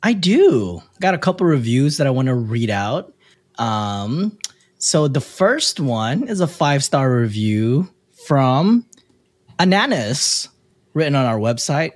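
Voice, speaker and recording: A man's voice: mid-range voice, sing-song, takes it slowly, no room sound. A man co-hosting a podcast, reading listener reviews aloud in a playful, joking way. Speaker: podcast co-host. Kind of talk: casual podcast banter.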